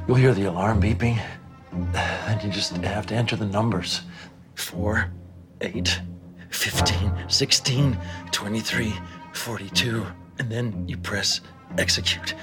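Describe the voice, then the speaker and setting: A man's voice: fairly low pitch, unhurried, natural voice. An actor playing an urgent, insistent middle-aged man in a TV drama clip. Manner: urgent, pleading. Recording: TV clip with music behind. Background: music.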